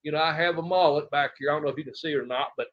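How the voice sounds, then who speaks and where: A middle-aged man from Tennessee, a retired wrestler telling rambling, animated stories as an interview guest and acting out other people's lines. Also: on the high side, rapid-fire. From Tennessee, USA. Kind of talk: casual storytelling interview. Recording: dull lo-fi audio.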